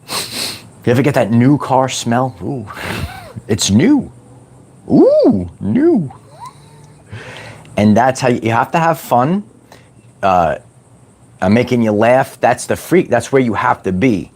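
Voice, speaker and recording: A middle-aged man talks straight to his livestream chat in a loose motivational style. He is playful and repeats himself, and he stretches out words like "baby". His pitch swings up and down a lot. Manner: animated, repetitive, playful, drawls words like "baby". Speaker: host of a spiritual wellness livestream.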